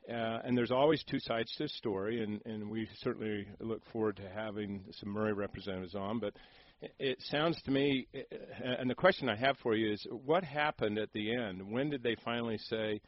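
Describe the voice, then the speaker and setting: A man co-hosting a talk show, speaking in a measured, reassuring way. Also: fairly low pitch, highs cut off. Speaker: co-host.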